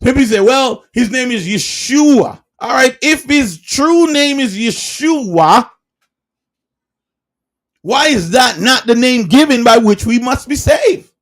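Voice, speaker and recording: A man preaching in a livestreamed sermon, emphatic and firing rhetorical questions, sometimes shouting. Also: very high voice, lively intonation, takes it slowly.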